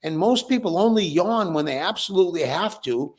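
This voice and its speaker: A man's voice: high-pitched, animated, brisk, breathy edge. An older man, a breathwork teacher, answering interview questions with enthusiasm and frequent restarts. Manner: enthusiastic, repeats words when starting.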